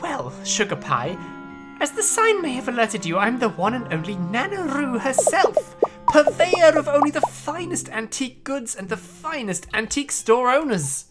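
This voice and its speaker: A woman voicing a chatty elderly female antique shop owner in a put-on British accent, folksy and full of pet names, with loud jazz music behind. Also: high voice, big pitch swings, normal speed. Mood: gossipy.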